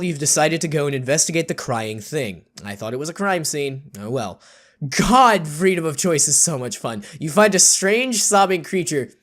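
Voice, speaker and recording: Playful man with a lively voice. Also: fairly high pitch, moderate pace. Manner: jokey, sarcastic, rambling asides. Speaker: YouTube gamer. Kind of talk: let's play, reading game text aloud with commentary.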